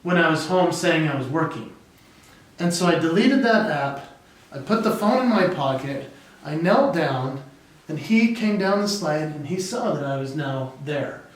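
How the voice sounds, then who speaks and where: A high-voiced man, a keynote speaker and comedian appearing as a podcast guest, tells a story in an unhurried, lively way, acting out the characters. He sits far from the mic in an echoey room.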